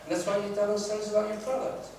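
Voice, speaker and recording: Male sales trainer, slightly high voice, workshop storyteller, heard from across an echoey training room. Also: monotone, very fast, background noise. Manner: storytelling, acts out quoted dialogue. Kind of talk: classroom workshop talk. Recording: very echoey room, mic far off.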